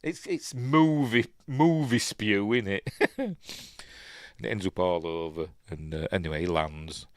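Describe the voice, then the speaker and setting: A man's voice: on the low side, measured pace, no echo, clean studio sound. A man with a Yorkshire accent hosting a film review podcast, talking casually through the film and chuckling at his own asides.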